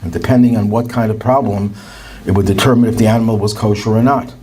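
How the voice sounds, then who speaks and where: A man's voice: fairly low pitch, steady tone, quick pace, a little mellow. A male rabbi telling anecdotes and chuckling at his own jokes. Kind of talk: storytelling talk.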